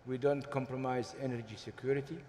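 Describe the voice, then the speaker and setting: A man's voice: medium pitch, steady tone, warm tone, a little hiss or hum. Emphatic man in a conference hall. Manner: deliberate, emphatic, with frequent hesitations. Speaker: panel speaker. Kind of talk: panel discussion. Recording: hall reverb, faint ambience.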